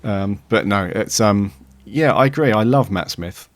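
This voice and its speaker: A man co-hosting a podcast, answering briefly and easily in casual chat. His voice is on the low side and sounds dry and close, with no room around it. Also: unhurried, dry recording. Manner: brief, agreeable replies. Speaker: podcast co-host.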